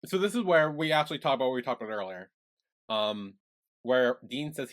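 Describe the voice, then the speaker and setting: A man chatting casually on a podcast, retelling scenes from a show. His pitch swings up and down a lot as he talks, giving the recap a lively, animated feel. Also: fairly quick. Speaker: podcast co-host.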